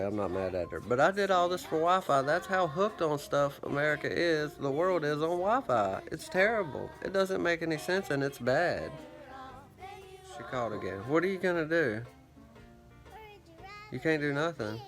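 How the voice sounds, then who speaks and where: A man's voice: on the high side, lively intonation, moderate pace, fairly bright tone, faint music behind. A man rambling through a profane, self-mocking story in a casual monologue, his throat parched. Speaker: vlogger.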